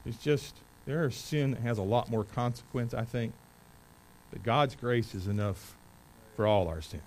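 At a church service, a pastor in his forties preaches a sermon, reading scripture loudly, forcefully, and emphatically, then dropping to a quieter voice to tell stories. His voice is medium-pitched at a normal speed, on a rough recording with a little hiss or hum.

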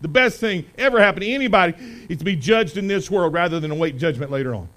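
A man preaching a sermon to his church, folksy and conversational, swinging between loud emphasis and quiet asides. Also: sits high, fast talker, few pauses, low-quality recording. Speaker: pastor. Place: church sanctuary.

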